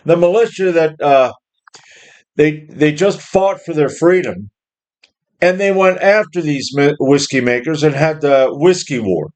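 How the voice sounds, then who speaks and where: A man's voice: a little high, lively intonation, a little slow, darkish tone. A middle-aged man ranting angrily about his job and the system, profane and rambling. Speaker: worker ranting about jobs. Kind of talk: angry monologue rant.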